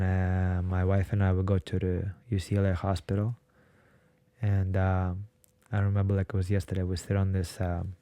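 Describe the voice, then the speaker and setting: A man's voice: low-pitched, dark tone, no room sound. A man from Ukraine, a podcast guest, telling his story in a blunt, casual way and swearing freely. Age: 20s.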